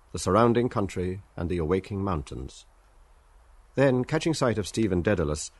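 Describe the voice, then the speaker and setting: A man narrating a literary radio drama in a measured, deliberate reading. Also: sits low, breathy edge, dry recording.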